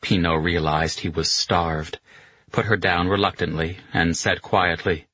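A man reading an audiobook in a steady, measured way. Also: low voice, slightly rough, no room sound, dull audio. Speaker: narrator. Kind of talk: audiobook narration.

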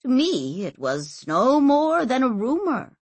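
Woman reading as an older scholar guy, quiet and probing, slow and husky. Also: high-pitched, sing-song, no room sound, voice pushed up, full character voice. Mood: grave. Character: sharp-tongued older male scholar, shaken.

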